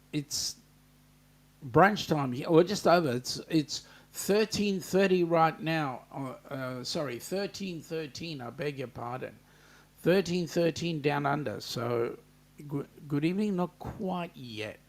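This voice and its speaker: A man's voice: a little high, slow. A man with an Australian accent hosting a casual livestream, reading out and answering viewer comments. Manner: reads viewer comments aloud, greets chatters by name. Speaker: livestream host.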